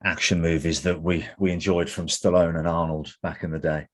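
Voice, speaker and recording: A man's voice: low voice, brisk. A middle-aged English man, an actor being interviewed, telling candid anecdotes and acting out what others said. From England. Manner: candid, anecdotal, animated when quoting others. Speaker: actor guest. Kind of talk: interview conversation.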